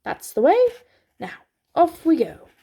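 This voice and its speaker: A woman voicing a polite, nervous male faun in a storybook reading, courtly and excitable with stammering apologies. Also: sits high, takes it slowly, creaky, breathy edge, pitched above the performer's own voice, heavily acted. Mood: eager, inviting.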